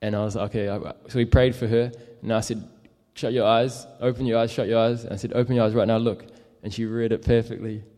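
A man's voice: mid-range voice, flat delivery, quick pace, few pauses, mellow, long reverb tail. A young man telling a casual, rambling story as a street evangelist, full of fillers. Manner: rambling, many fillers and likes.

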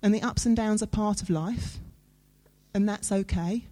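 In a warm, mellow, mid-range voice, a woman delivers a sermon. She addresses her listeners earnestly and conversationally, relying on dramatic pauses.

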